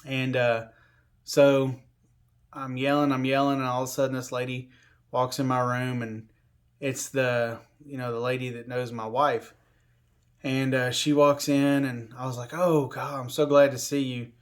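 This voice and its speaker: A man recounting a personal experience in a loose, rambling way, with plenty of "you know" and "like." His voice sits at a middling pitch for a man. The delivery is everyday and unpolished. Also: little pitch movement, a little slow. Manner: rambling, filler-heavy, conversational. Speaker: storyteller. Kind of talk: casual spoken storytelling.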